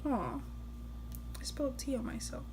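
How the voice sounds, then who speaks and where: A woman's voice: a little high, sing-song, moderate pace, a little mellow, slight background noise. Blunt, exasperated young New woman. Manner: blunt, exasperated and joking, with laughs. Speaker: vlogger. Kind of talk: casual talk to camera.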